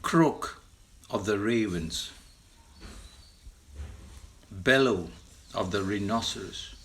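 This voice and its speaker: Very slow, deliberate male language teacher. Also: expressive, fairly bright tone. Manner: slow, deliberate listing, lifts pitch to mimic sounds. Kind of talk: slow vocabulary lesson.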